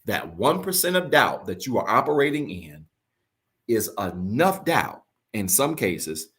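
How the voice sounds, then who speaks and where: A man's voice: fairly low pitch, very animated. Man preaching with emphatic repeats. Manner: preaching with sudden soft drops and slow emphatic repeats. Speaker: pastor. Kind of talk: sermon. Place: online church service.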